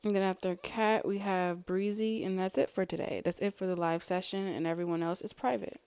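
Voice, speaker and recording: A woman's voice: mid-range voice, little pitch movement, brisk, a little mellow, slight background noise. A woman, casually chatting to viewers during a live-stream tarot reading, her breathing audible near the mic. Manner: casual and chatty, talking to viewers between card pulls. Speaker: tarot reader.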